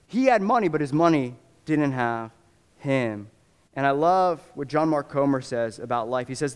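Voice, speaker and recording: Animated pastor in a reverberant hall. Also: male voice, mid-range voice, moderate pace, smooth. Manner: casual, animated storytelling with many fillers. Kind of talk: sermon. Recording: long reverb of a church hall.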